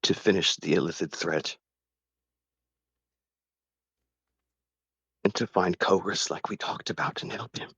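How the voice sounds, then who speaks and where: A man's voice: sits low, measured pace, a bit bright, slightly rough, dry recording, exaggerated voice. A man playing a grieving male warrior bound by an oath, talking in a tearful, pleading way. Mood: solemn.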